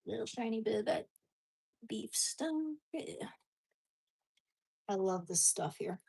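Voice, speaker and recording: A woman's voice: medium pitch, takes it slowly, creaky, a little mellow, slightly rough. A woman vlogger in casual talk as she eats, chatting and talking fondly to her dogs between bites. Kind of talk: casual eating vlog.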